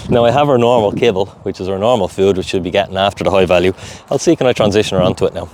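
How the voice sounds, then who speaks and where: A man's voice: low-pitched, rapid-fire. A man dog trainer giving commands, cheerful praise and running explanations during a live training session outdoors. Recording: outdoor background noise.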